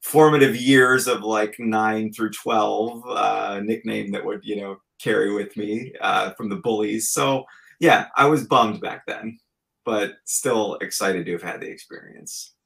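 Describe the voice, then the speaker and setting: A man's voice: on the low side, steady tone, measured pace, vocal fry, a bit bright, low-quality recording. A man in his forties, a podcast guest, telling stories in an earnest, reflective way in casual chat. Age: 40s.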